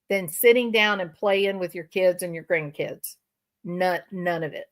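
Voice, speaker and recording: A woman's voice: fairly low pitch, unhurried. An older woman hosting a commentary channel, answering viewer comments with sarcastic indignation. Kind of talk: reaction commentary to live-stream chat.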